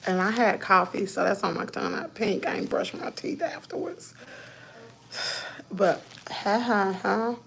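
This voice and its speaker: A woman's voice: mid-range voice, lively intonation, a little slow, vocal fry, a bit bright, low-quality recording. A woman with a Southern accent livestreaming by phone from a dentist's exam room, talking nervously to her viewers and often dropping to a whisper. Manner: anxious, talks to viewers as y'all, drops to whispers. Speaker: vlogger livestreaming from a dentist's office. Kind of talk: casual live chat to viewers. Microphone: phone held close.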